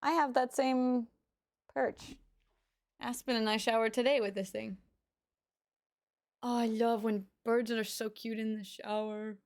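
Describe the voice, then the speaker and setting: A woman streamer talking loosely to her chat as she reacts to clips. Her voice sits a little high, and she rambles with plenty of fillers, cooing affectionately over the pets on screen. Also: steady tone, measured pace, pauses often, darkish tone. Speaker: livestreamer. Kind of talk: casual reaction chat with viewers.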